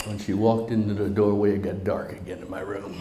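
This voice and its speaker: A man's voice: on the low side, fairly even intonation, brisk, warm tone. A middle-aged man telling a humorous personal story to a live audience, folksy and joking, talking straight to the crowd. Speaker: motivational speaker. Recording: roomy hall reverb, faint noise.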